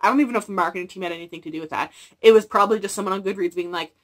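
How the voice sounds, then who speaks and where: A young woman in a casual book haul video, animated and gushing, with exaggerated reactions. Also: mid-range voice, racing. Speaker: book vlogger.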